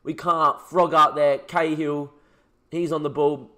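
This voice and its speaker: A man, commentating his own football management game as a let's play, shouting when goals go in. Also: a little high, steady tone, moderate pace. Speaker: gaming YouTuber.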